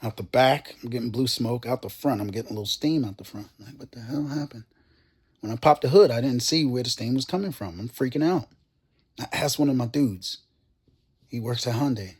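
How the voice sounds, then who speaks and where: A young man with a husky, medium-pitched voice vlogs about his car. He tells a long story as a casual rant, animatedly acting out the conversations he recounts.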